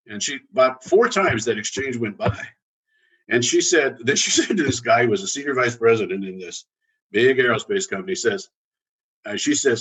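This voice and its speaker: A man speaking as a consultant guest, telling an anecdote in a halting, chatty way with restarts. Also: mid-range voice, expressive, fairly bright tone, slightly rough, low-quality recording. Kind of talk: storytelling in conversation.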